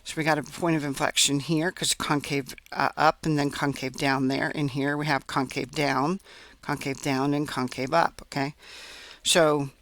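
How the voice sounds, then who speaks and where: A man's voice: fairly high pitch, level tone, moderate pace, a bit bright, no room sound. A man teaching a recorded math lesson, explaining step by step as he works on a graph and checking in often with "right?" and "okay?".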